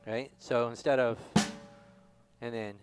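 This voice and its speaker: A man giving a drum lesson, explaining stroke types and counting beats out loud. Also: medium pitch, fairly even intonation, takes it slowly, over loud music, low-quality recording. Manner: explanatory, counts aloud with accents. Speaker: drum instructor. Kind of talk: demonstration lesson.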